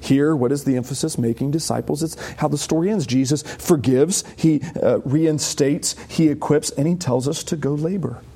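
A man's voice: on the high side, moderate pace, few pauses, mellow, husky. A man preaching a sermon as a pastor, conversational and emphatic, asking the congregation rhetorical questions. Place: church.

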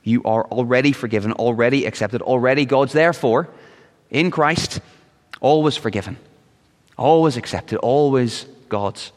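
A man's voice: mid-range voice, moderate pace. A man preaching a sermon as pastor, earnest and at times rising into urgent, pleading appeals. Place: church sanctuary. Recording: long reverb of a church hall.

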